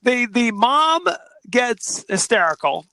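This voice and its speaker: A man co-hosting a podcast, recapping a movie plot in a joking, animated way. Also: very high voice, takes it slowly, no room sound. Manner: animated, jokey, recaps the plot with quoted asides. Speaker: podcast co-host. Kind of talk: casual movie-review chat.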